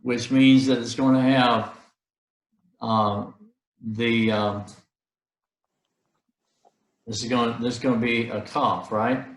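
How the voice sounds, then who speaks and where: A man patiently teaching Hebrew letters one by one, sounding them out slowly and repeating them. His voice sits at a middle pitch and carries a roomy echo from the space around him. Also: steady tone. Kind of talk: one-on-one language tutoring.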